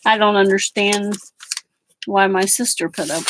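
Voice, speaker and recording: Her voice is mid-range and fairly even, unhurried and broken by long pauses, with background noise behind it. She's a middle-aged woman making a craft vlog, working as she chats casually and tells stories in an outspoken way.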